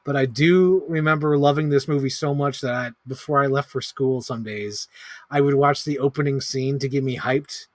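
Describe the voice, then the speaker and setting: A man in his thirties at a middle pitch, riffing loosely on a live stream as he ranks films. He rambles, swears freely and leans on "like" constantly. The sound is dry and close, with no room echo. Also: normal speed. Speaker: movie ranking streamer. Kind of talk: casual livestream commentary.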